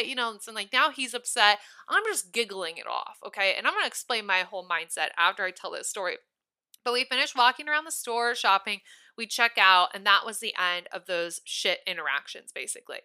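A woman hosting a podcast, telling a story in a casual, animated and giggly way. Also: on the high side, moderate pace. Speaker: podcast host.

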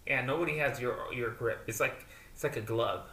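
A man co-hosting a podcast in casual chat, ranting in an animated way and mocking others with put-on quotes. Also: mid-range voice, normal speed. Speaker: podcast co-host. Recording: echoey room, distant mic, faint noise.

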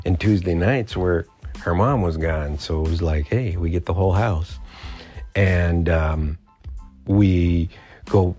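A man's voice: sits low, dark tone. A middle-aged man hosting a podcast, telling a personal story in a rambling, reflective way with many fillers and restarts. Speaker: podcast host.

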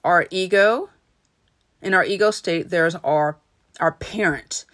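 A woman with a slightly low voice hosts a solo self-help podcast. She speaks earnestly and instructively, breaking her thoughts into short phrases with pauses between them. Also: fairly bright tone. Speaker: podcast host and coach. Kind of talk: solo motivational podcast talk.

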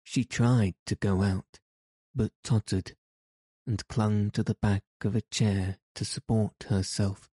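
A man narrating a classic novel as an audiobook in a measured, even reading. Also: lowish voice, husky, no echo.

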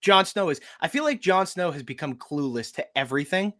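Enthusiastic man, slightly high voice, dry. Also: animated, brisk, fairly bright tone, dry recording. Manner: enthusiastic, laughs often, quotes characters. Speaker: podcast co-host. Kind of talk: casual chat.

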